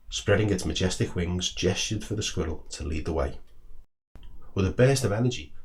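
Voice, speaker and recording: Deep-voiced man reading a children's story. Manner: expressive, storytelling delivery. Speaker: children's book author and narrator. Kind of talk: storybook read-aloud narration.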